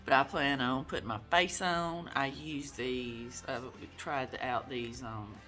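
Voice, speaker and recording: A woman recording a personal video diary, upset and close to tears, speaking haltingly with many fillers. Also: extremely low pitch, bright, forceful tone, faint music behind. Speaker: vlogger.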